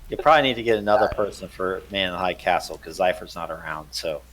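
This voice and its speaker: Deep-voiced joking man. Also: fast talker, a bit bright, slight background noise, rough recording. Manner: joking, wisecracking. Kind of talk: casual chat.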